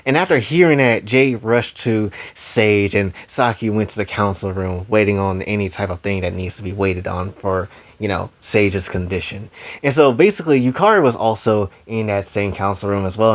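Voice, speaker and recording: A man hosting a casual story recap who rambles through it with lots of fillers. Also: on the low side. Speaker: host.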